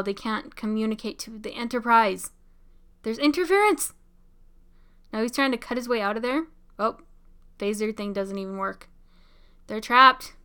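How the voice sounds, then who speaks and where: Giggly young woman, bright clear voice. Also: on the high side. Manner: chatty, giggly, excitable, many "like" fillers. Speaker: show reaction commentator. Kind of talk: casual live reaction commentary.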